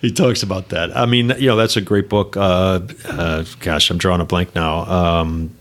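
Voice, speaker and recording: A man's voice: sits low, steady tone, moderate pace, fairly bright tone. A middle-aged man speaking as a podcast guest in casual chat, rambling and upbeat, often tagging lines with "right?" and "you know".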